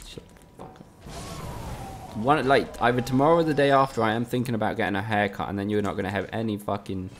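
A man's voice: fairly low pitch, steady tone, fast, few pauses, slight background noise. A man from the UK, streaming a game live and trading teasing, sweary banter with his chat. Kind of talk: casual live-stream commentary.

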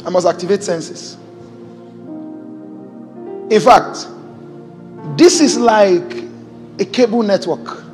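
High-voiced Nigerian pastor preaching. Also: male voice, takes it slowly, pauses often. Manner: exuberant, exclaiming, joking with the congregation. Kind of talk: preaching a sermon. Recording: hall reverb with faint music.

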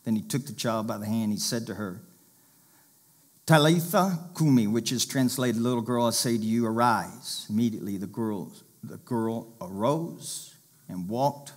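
A male pastor preaching a sermon, reading scripture aloud and urging listeners to pay attention. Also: medium pitch.

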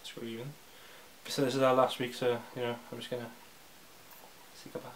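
Indoors at home, a teenage vlogger rambles jokingly, cutting himself off and starting over. He talks a little fast in a mid-range voice with little pitch movement, and there's a slight hiss or hum.

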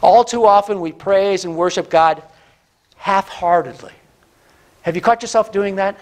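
High-voiced man preaching a Bible teaching. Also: a little slow. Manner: repeats key lines for emphasis, asks the listeners questions. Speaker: pastor.

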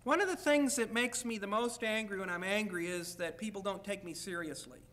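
A man's voice: high voice, brisk, pushed and bright. A man giving a university lecture, speaking candidly in the first person and at times reading aloud from his own writing.

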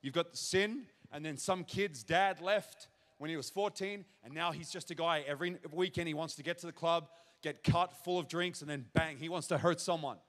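A pastor from Australia, his voice on the high side and at normal speed, gives a vivid testimony sermon in a large church auditorium. He performs a child's shouted cries as he tells the story, and the sound has a long hall reverb.

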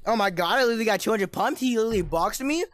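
A woman's voice: fairly high pitch, animated, very fast. A young woman trash-talking other players in game voice chat, repeating taunting, mock-tough insults. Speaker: gameplay streamer.

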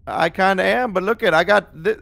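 An American man with a high voice, goofy and playful, exclaiming through casual gameplay chat as co-host. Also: brisk, creaky, fairly bright tone, no room sound. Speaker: gaming co-host.

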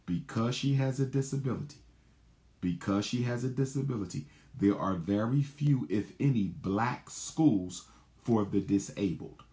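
A man's voice: medium pitch, measured pace, dark tone. A man hosting a show, reading viewer questions aloud and answering them emphatically, often repeating his key lines word for word.

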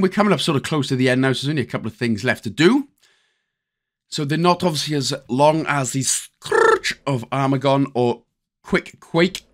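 Lively chatty Welsh man guiding gameplay. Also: a little high. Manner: chatty, jokey, step-by-step instructions. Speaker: gaming channel host. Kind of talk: casual game walkthrough commentary.

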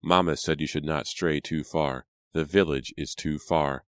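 A man's voice: rumbling low, steady tone, a little slow, no room sound, clean studio sound. A man voicing a cautious teenage colonial boy in an audiobook.

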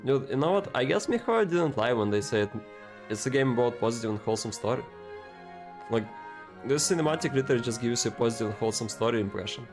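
An excitable man reacting out loud to an animated cinematic in casual commentary. His pitch sits in the middle range, and his speech is halting and full of repeated words. Faint music plays underneath. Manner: excitable, emotional, talks to viewers; halting, repeats words, non-native phrasing. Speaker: anime reaction video host.

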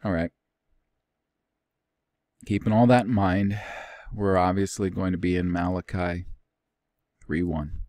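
Deep slow-talking man reading scripture. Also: steady tone, a little mellow, no room sound. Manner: reads passages aloud with rising emphasis, then comments plainly. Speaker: Bible teacher. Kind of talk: informal scripture study with reading aloud.

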